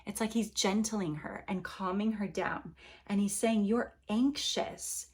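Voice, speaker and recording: A woman's voice: mid-range voice, steady tone, unhurried, breathy edge. A woman giving a devotional Bible lesson in a conversational, encouraging way, sometimes acting out quotes with playful energy. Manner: gentle and encouraging. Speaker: Bible teacher.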